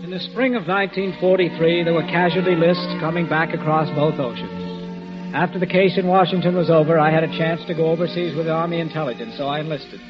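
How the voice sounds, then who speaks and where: A man's voice: on the high side, steady tone, quick pace, natural voice. A man playing an earnest narrating lover. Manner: quiet, earnest, reflective narration. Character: earnest, lovesick man narrating his memories. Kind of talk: 1940s radio acting. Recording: dull lo-fi old radio recording with music.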